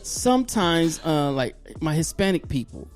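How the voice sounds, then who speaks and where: A man's voice: fairly high pitch, sing-song, measured pace, faint music behind. A man co-hosting a podcast, chatting candidly and poking fun at himself. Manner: candid, self-mocking, chatty. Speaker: podcast co-host. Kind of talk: casual podcast chat.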